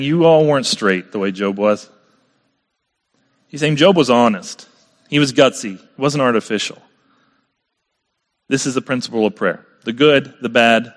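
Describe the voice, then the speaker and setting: Man preaching in an echoing hall. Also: medium pitch. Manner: conversational preaching with rhetorical questions. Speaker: pastor. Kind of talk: sermon.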